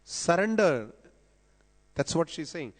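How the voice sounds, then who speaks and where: A man's voice: fairly high pitch, slow. A man giving a devotional lecture at a temple festival, explaining scripture and quoting verses with rising emphasis. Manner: explanatory, quotes scripture with rising emphasis, coughs now and then. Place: temple hall. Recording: long reverb of a large hall.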